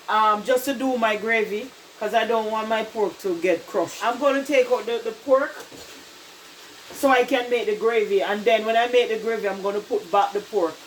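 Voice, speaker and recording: Woman, Jamaican accent, home cooking vlog host, chatty, talks straight to viewers, kitchen, soft sizzling in the background. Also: a little high, moderate pace, slight background noise, poor audio. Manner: chatty, calls viewers "people", keeps saying "look at that". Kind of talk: casual cooking demonstration.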